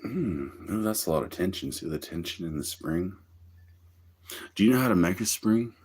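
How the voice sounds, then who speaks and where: A man talks loosely on his livestream, cursing freely and breaking into laughter as he rambles. His voice sits low and husky. His pitch jumps around animatedly. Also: animated, normal speed, a little mellow. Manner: profane, laughs often, drawling storytelling. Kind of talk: rambling casual livestream chat.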